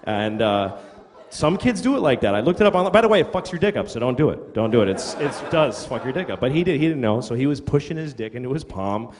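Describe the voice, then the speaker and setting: A man's voice: mid-range voice, very animated, fast, crowd noise. A middle-aged man performing stand-up comedy, telling crude, self-deprecating stories and acting out quotes. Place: comedy venue stage. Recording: reverberant hall with audience noise. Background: audience laughter.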